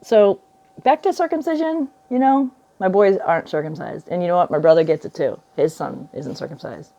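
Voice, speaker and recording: A woman's voice: lowish voice, moderate pace, dark tone, muffled recording. A woman in her forties vlogging at home, rambling through spiritual musings, often laughing and trailing off mid-thought. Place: indoors at home by a window.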